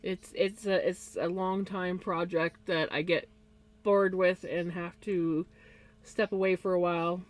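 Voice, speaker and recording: A woman chatting casually on a crafting livestream, laughing often and cooing softly at her pet. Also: on the low side, fairly even intonation, measured pace. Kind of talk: casual chat.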